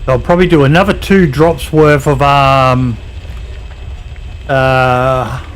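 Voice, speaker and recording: This is an Australian man streaming a game, talking loosely with his audience as he plays. He sits a little higher in pitch than most men. His tone stays easygoing and chatty, with the odd aside to the viewers in his chat. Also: fairly quick. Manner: laid-back, chatty, reads chat aloud and answers viewers. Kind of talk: casual chat while playing.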